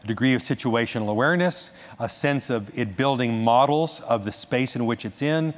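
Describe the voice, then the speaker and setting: A man speaks from a conference stage, his delivery animated and full of restarts and quick asides. His voice sits in a middle pitch. The sound carries the long reverb of a large hall. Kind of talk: conference talk.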